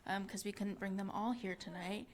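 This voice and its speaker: A woman's voice: mid-range voice, steady tone, normal speed. A young woman introducing her film club on stage, casual and a little hesitant.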